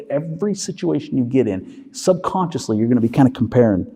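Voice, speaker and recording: Lively male doctor lecturing in a hall. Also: medium pitch. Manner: checks in with listeners with frequent "okay?"; acts out inner voices in quick asides. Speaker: physician lecturer. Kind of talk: conversational lecture.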